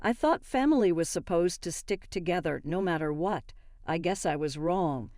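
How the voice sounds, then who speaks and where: A woman reading a first-person story in an even, steady narration. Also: on the low side, normal speed, no room sound, clean studio sound.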